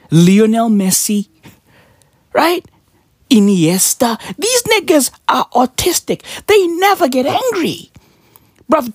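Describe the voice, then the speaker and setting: A husky-voiced man hosts a comedic podcast, delivering a profane, mocking rant at an unhurried pace. His pitch swings wildly, firing off rhetorical questions and leaping into high yelps. The sound is dry and close. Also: a little mellow, dry recording. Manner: often jumps up into high, yelping exclamations. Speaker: podcast host.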